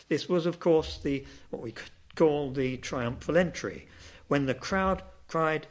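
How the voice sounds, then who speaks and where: A man's voice: on the high side, a little slow. A man preaching a sermon, telling a Bible story with dramatic, rising and falling emphasis.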